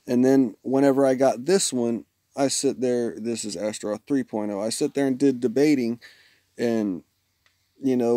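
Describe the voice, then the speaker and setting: A man's voice: mid-range voice, dark tone, no echo, clean studio sound. A man live-streaming a mobile game, rambling through his setup and joking with friends on a voice call. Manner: rambling, jokey, talks to chat and friends. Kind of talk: casual gameplay commentary.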